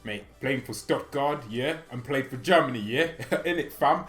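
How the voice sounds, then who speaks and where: A man's voice: medium pitch, normal speed, a bit bright, soft background music, natural voice. A man voicing a cocky young male footballer in a put-on London accent, slangy and ending lines with "yeah?". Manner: slangy, tags "yeah?" and "mate".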